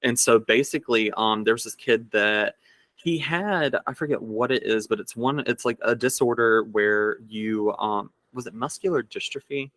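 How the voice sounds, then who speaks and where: A man's voice: medium pitch, normal speed, a bit bright, dry recording. A young man co-hosting a podcast, telling a personal story in casual chat, rambling and filling his talk with "like". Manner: rambling storyteller, heavy filler "like". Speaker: podcast co-host.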